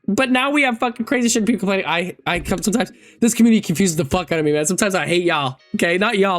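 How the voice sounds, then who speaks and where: A man around twenty, a gaming YouTuber casually reacting to forum posts, swearing freely and swinging between loud outbursts and low mutters. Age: 20s.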